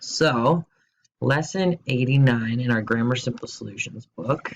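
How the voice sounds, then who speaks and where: Male teacher recording a home-school grammar lesson, mid-pitched, easygoing and jokey, spells things out slowly. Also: slight background noise, poor audio. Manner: playful, asks quiz questions and jokes; slow, spelled-out explanations.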